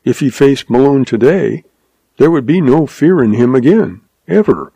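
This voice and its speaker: A man narrating a western story in a measured, unhurried audiobook reading. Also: mid-range voice, animated, mellow, husky, no room sound.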